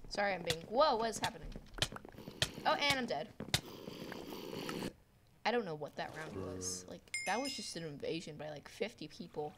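A teenage girl at home giving rambling, excitable commentary over her gameplay on a desktop mic, full of "like" fillers. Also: on the low side, normal speed, long pauses, very noisy. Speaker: gaming video creator. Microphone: desktop microphone.

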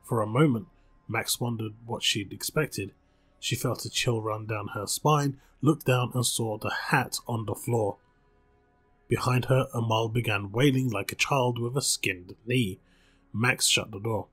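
A man reading a spooky short story aloud with calm, measured narration, as channel host. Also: fairly low pitch, slightly rough.

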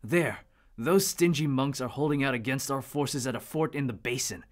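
A man voicing a scheming male commander in an audio drama, giving orders briskly. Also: medium pitch, lightly acted. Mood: commanding.

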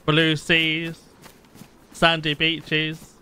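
A man's voice: on the high side, moderate pace, sharp tone, a little hiss or hum, rough recording. A man streaming a game with friends, chatting and bantering casually. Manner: joking banter. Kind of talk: casual gaming chat.

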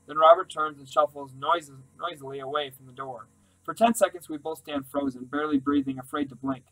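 A man reads a first-person story aloud, earnest and steady. His voice sits a little high for a man, and the telling stays even and focused. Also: brisk, low-quality recording. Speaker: audiobook reader. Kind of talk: scripted narration.

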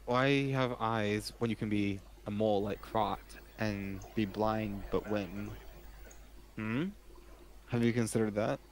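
Ein Mann im Voice-Chat, der beim Spielen trocken scherzt und seine Freunde aufzieht. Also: male voice, fairly low pitch, fairly even intonation, slow, slight background noise. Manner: dry, teasing jokes. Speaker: co-player in voice chat. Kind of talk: casual gaming chat.

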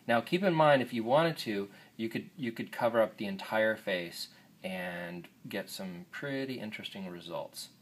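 A man's voice: lowish voice, lively intonation, moderate pace. Upbeat man demoing a phone app. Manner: upbeat, informal, jokey. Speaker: app demonstrator. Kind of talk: casual app demo walkthrough.

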